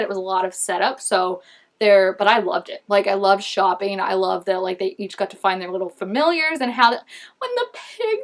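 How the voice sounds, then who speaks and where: A young woman chatting casually in a fan recap vlog, gushing and rambling with lots of filler words. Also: fairly high pitch.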